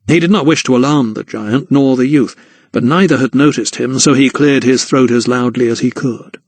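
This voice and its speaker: A male narrator reads an audiobook with calm, even delivery and a middling pitch. Recorded up close, the audio is dry, without room sound or echo.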